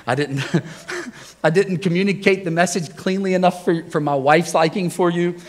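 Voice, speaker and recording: A man preaching a relaxed, conversational sermon to his congregation, telling personal stories with frequent chuckles and questions to the crowd. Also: sits high, normal speed. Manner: jokey, chuckles often, asks the congregation questions. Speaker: pastor. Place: church service before a congregation.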